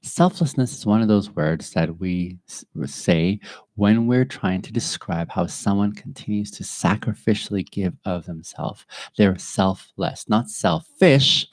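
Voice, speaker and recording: A man hosting a podcast, talking earnestly and haltingly in a reflective personal monologue, emotional and near tears. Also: fairly low pitch, dark tone, no echo. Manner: earnest, halting, with frequent restarts and pauses. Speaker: podcast host.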